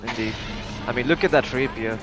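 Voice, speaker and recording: A man's voice: mid-range voice, fairly quick, over music. A man doing color commentary on a live esports match, dry and sarcastic. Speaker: esports caster.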